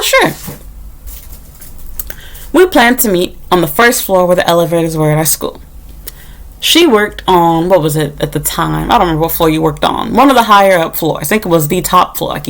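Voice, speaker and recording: Blunt, profane young woman ranting to camera. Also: medium pitch. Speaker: vlogger. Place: indoors, talking to her own camera. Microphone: camera mic.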